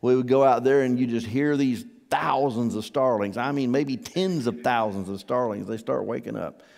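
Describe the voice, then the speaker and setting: A man's voice: medium pitch, moderate pace, creaky, a little mellow, big-room sound. A man preaching a sermon as pastor, conversational and asking his congregation questions. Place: church hall.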